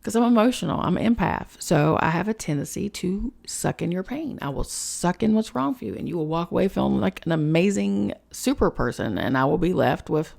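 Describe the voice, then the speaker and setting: A woman's voice: on the low side, expressive, a little fast, gravelly, few pauses, darkish tone. A woman hosting a spiritual podcast, talking in a frank, emotional personal monologue, swearing freely and chatting with lots of fillers.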